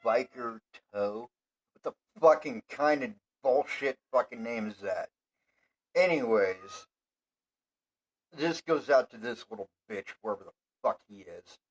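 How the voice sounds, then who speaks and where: A man hosting his own show, delivering a profane, rambling monologue that swears constantly and flares into heated yelling. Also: mid-range voice, slow pace, pauses often, low-quality recording.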